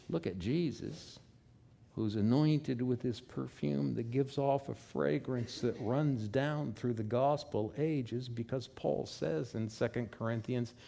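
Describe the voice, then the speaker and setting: A man's voice: mid-range voice, dark tone. A man, likely a pastor, preaching a sermon in a folksy way with asides and rhetorical questions.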